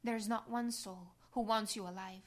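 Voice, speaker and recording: A woman reading a devotional meditation aloud in a hushed voice that often drops to a whisper. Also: mid-range voice, steady tone, normal speed. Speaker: reader.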